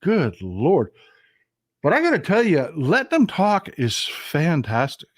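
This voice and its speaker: A man's voice: fairly high pitch, wildly swooping pitch, slow pace, no room sound, studio quality. A man with a Southern American accent hosting a casual political live stream, talking in a folksy, emphatic way and answering his chat.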